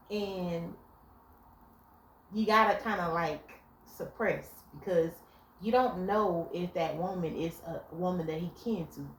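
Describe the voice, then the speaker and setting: Blunt, animated young woman in echoey room. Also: mid-range voice, a little hiss or hum. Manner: blunt, animated storytelling with profanity. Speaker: vlogger giving relationship advice. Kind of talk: casual advice vlog. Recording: echoey room with faint ambience.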